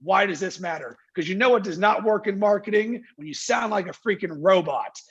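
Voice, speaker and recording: Brisk, creaky and slightly rough, this high male voice reaches the video call as a muffled recording. The marketing agency founder, a guest in an energetic interview, fires rhetorical questions and acts out clients emphatically.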